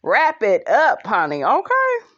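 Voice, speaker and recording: A woman's voice: on the high side, wildly swooping pitch, slow pace, fairly bright tone, muffled recording. A woman hosting a podcast, recapping a reality show in a sassy, gossipy way and talking straight to her listeners. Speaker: podcast host.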